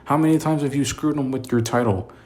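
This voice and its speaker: A man in the middle of an exasperated solo rant, circling back over the same point with filler words and blunt cursing. His voice sits at an ordinary middle pitch, casual and unscripted, like someone venting straight to camera. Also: quick pace, darkish tone. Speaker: wrestling commentator.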